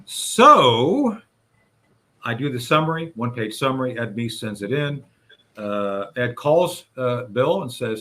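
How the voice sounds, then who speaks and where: A man's voice: medium pitch, very animated, unhurried, bright, forceful tone. A man guest on a radio talk show, recounting events step by step and addressing the hosts directly. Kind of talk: conversational storytelling.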